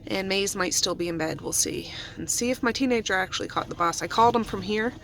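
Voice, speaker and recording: Speaking quickly in a gravelly, fairly bright mid-range voice, a middle-aged woman talks straight to her viewers as she vlogs her day on a handheld phone. She's a mother and vlogger narrating chattily from her home and car in Nova Scotia. There's slight background noise.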